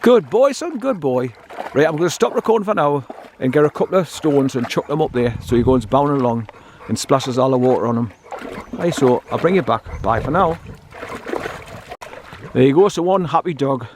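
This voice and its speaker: A man's voice: mid-range voice, a little fast. Older bloke rambling on his phone outside by a stream, blunt, repeats himself, bit of faint hiss. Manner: chatty, blunt, meandering, repeats words. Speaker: dog owner vlogger. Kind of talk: casual rambling walk-and-talk. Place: outdoors by a stream and bridge.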